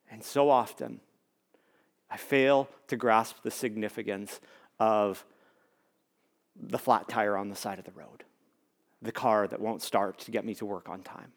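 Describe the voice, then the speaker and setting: A man preaching a sermon as a pastor, talking conversationally, building to emphatic repeated lines and dropping to hushed near-whispers. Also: medium pitch.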